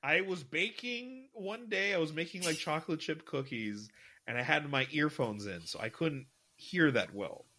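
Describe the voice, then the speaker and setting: A man's voice: fairly high pitch, lively intonation, moderate pace, pushed and bright. A young man in his twenties, co-hosting a podcast, rambling casually with lots of fillers and restarts. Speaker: podcast co-host. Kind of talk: casual chat.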